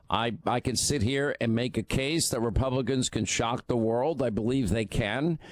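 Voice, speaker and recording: A man's voice: mid-range voice, no echo. A man hosting a political talk radio show, chatty and joking about himself, his voice strained and tired from too much talking. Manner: conversational, self-deprecating banter. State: strained, worn voice from overuse.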